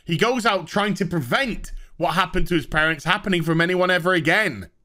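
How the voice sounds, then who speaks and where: A man's voice: high voice, brisk, bright, forceful tone. A man giving a sarcastic, profane TV review rant. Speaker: host. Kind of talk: ranting TV review.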